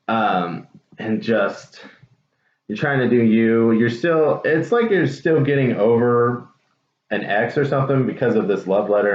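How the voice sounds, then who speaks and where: A man giving a casual, chatty tarot reading to viewers, with lots of fillers and trailing thoughts. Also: on the low side. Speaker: tarot reader. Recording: dull echoey room with faint noise.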